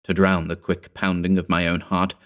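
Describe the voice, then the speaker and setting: Low-voiced brooding horror narrator. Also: male voice, monotone, moderate pace, a bit bright, clean tone. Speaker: audiobook narrator.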